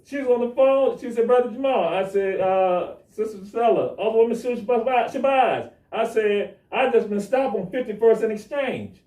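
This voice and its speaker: High-voiced man telling a story animatedly. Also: lively intonation, moderate pace, hardly any pauses, mellow. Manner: dramatic retelling, acting out dialogue. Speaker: guest. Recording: echoey room, mic at a distance.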